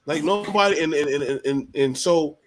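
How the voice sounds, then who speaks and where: A man's voice: on the high side, moderate pace. A man hosting a podcast panel, ranting bluntly and swearing a lot. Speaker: podcast host. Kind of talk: heated panel discussion.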